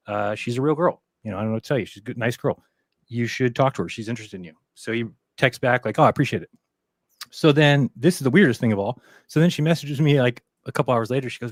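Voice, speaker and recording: A man talking quickly in a loose, rambling way, acting out other people's lines as he tells a story. He swears freely, and his voice sounds dry and close, with no room around it. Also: medium pitch, no room sound. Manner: rambling storyteller who acts out quoted dialogue, swears freely. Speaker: podcast guest. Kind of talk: casual conversation.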